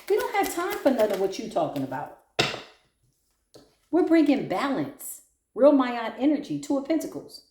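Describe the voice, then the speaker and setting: Woman, tarot reader, blunt, profane, mocking, fairly high voice, roomy echo. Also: dark tone. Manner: bursts into laughter. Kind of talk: intuitive tarot reading.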